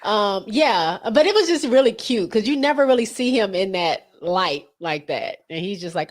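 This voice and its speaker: A woman's voice: medium pitch, lively intonation, moderate pace, few pauses, no echo, studio quality. A woman from the Midwest hosting a casual TV recap chat, chatty and playfully indignant, acting out little quotes as she talks. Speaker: podcast host.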